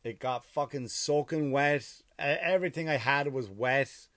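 A man's voice: medium pitch, unhurried, fairly bright tone, dry recording, studio quality. A tired man, a comedian, telling a story in a casual, profane, ranting monologue.

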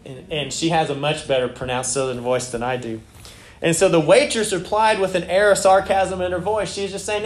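A man's voice: high voice, brisk, echoey room. A man preaching a sermon as pastor, talking in a loose, conversational way and turning to ask the congregation questions.

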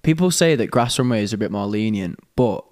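A man's voice: fairly low pitch, expressive, fairly quick, darkish tone. A young man, co-hosting a casual podcast, jokey and laughing often. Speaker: podcast co-host. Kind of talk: casual chat.

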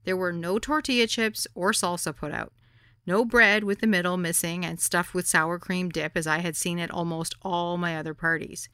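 A woman narrating her own memoir as an audiobook, wry and deadpan. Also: fairly low pitch, moderate pace, clear, resonant tone, no room sound, studio quality.

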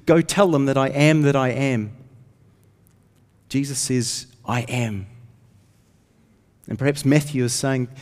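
A man's voice: medium pitch, a little mellow. Aussie pastor guy preaching, earnest storyteller, big church reverb. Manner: earnest storytelling, rises when reading scripture. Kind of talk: sermon. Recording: long hall reverb.

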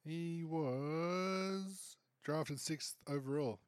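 A man co-hosting a casual sports chat, reading out quiz clues and firing back short, lively replies. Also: fairly high pitch, extremely slow, clean tone, no room sound, clean studio sound. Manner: lively, brief replies and laughs. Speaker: podcast co-host.

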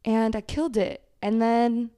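A woman's voice: on the high side, steady tone, measured pace, warm tone, clear, resonant tone. A young woman from Texas co-hosting a podcast, telling a rowdy story in casual, profane chat full of laughs and "like"s. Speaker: podcast co-host.

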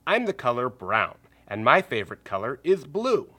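A man voicing a gentle, friendly brown bear who asks children to join in. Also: mid-range voice, sing-song, normal speed. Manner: cheerful, inviting children to join in.

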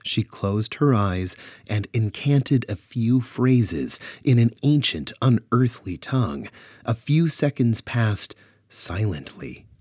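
A man's voice: lowish voice, slow pace, breathy edge, no room sound, clean studio sound. A man narrating a dramatic pulp adventure story. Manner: animated, dramatic.

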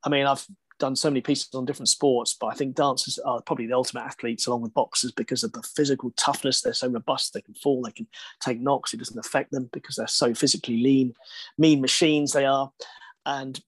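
A man, a broadcaster and interview guest, tells a story in a lively, self-deprecating way and laughs often. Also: medium pitch, fairly quick, husky, no room sound.

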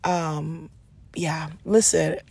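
A young woman hosting a personal diary podcast, talking rapidly and confidingly about her life. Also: low-pitched, fairly even intonation, gravelly, darkish tone, slight background noise. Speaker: podcast host.

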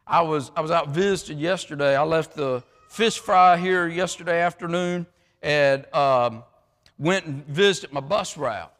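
A man preaching a sermon as pastor, swinging from shouts down to hushed asides with many fillers. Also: fairly high pitch. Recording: long hall reverb.

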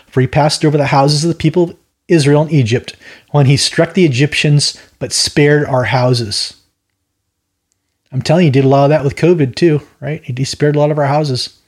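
Brief: male Bible study host, husky, slightly high voice, rambling and opinionated, repeats his words. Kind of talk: verse-by-verse Bible teaching.

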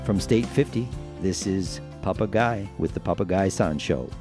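A man hosting his own podcast, telling jokes casually and popping into character voices and shouted punchlines. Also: low-pitched, normal speed, over music. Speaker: podcast host.

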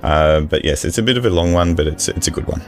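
A man's voice: low-pitched, expressive, fast. A man hosting a casual podcast, talking hesitantly with many fillers. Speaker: podcast host. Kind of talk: casual chat.

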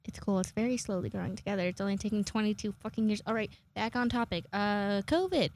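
A woman in her twenties chatting casually to her viewers, rambling and self-mocking, swearing often and jumping into high-pitched acted quotes. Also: flat delivery, fast. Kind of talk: casual chat to camera.

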